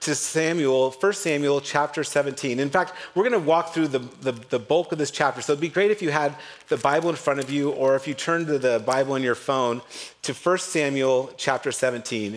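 A man preaching a sermon as pastor, animated, acting out the people in the story with a shifting voice. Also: medium pitch, fairly quick. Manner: animated, acts out characters with shifting voice.

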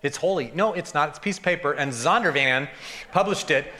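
Joking, conversational pastor man, higher voice. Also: brisk, sharp tone. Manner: informal, joking, conversational teaching to a congregation. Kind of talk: sermon. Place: church service before a congregation.

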